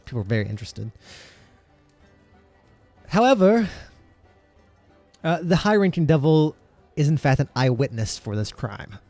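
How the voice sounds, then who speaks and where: A man's voice: a little high, big pitch swings, a little mellow, no echo, faint music behind. Rambling man running a tabletop game. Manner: rambling, filler-heavy narration with quick voiced asides for crowd members. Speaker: game master.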